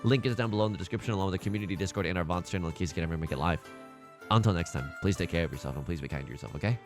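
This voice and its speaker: A man's voice: deep voice, very fast, over music. A man hosting a let's play, talking through his game in an exasperated, stammering, self-mocking way. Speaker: gaming channel host.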